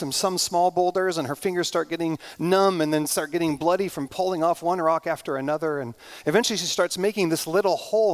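High-voiced man preaching a sermon. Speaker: pastor. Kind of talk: sermon with storytelling.

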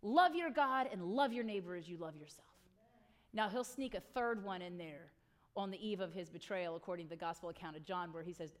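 A middle-aged woman pastor preaching a sermon, telling stories with animated, acted-out lines. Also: lowish voice, a little fast. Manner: animated storytelling, acts out people's lines.

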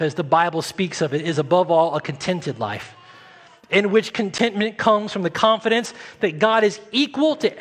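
A man preaching a sermon as pastor, earnest, often slowing and softening his voice for emphasis. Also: sits high. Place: church sanctuary. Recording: long hall reverb.

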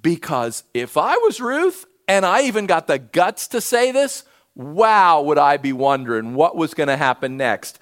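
A man preaching a sermon, animated, swinging between loud emphasis and hushed urging. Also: a little high, a little slow. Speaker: pastor.

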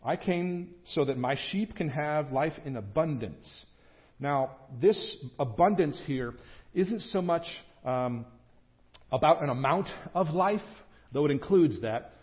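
Male pastor, fairly high voice, earnest emphatic preaching, muffled lo-fi church recording. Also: expressive, unhurried. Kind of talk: sermon. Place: church sanctuary.

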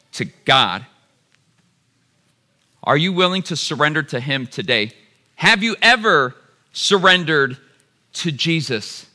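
A man's voice: a little high, pushed and bright. A man preaching a sermon, calling the crowd "y'all" and building to emphatic repeated phrases.

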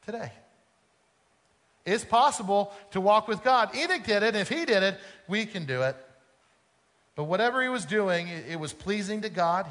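Brief: male preacher, high voice, conversational and emphatic, reverberant sanctuary. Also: a bit bright. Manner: conversational, storytelling, emphatic repetition. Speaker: pastor. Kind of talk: sermon. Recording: long hall reverb.

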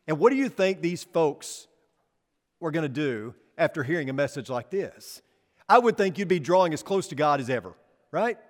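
Male preacher with a slightly raised pitch, delivering a chatty, questioning sermon in a reverberant church hall. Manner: conversational, asks the congregation questions. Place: church sanctuary.

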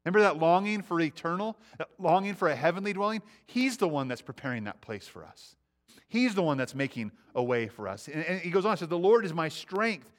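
A man preaches a sermon in a slightly raised voice. He moves from quiet, reflective passages to fervent appeals. He stumbles and repeats words as he speaks. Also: a little high, sing-song, a little fast. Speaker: pastor.

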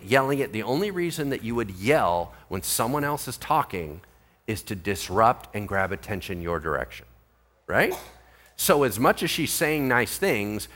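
A male pastor teaching a Bible sermon, animated and full of rhetorical questions. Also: medium pitch.

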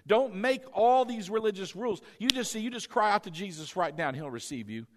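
A man preaching a sermon with a fairly high voice. He swings from fervent, shouted exhortation down to soft, confiding asides, with quick laughs in between. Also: expressive. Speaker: pastor.

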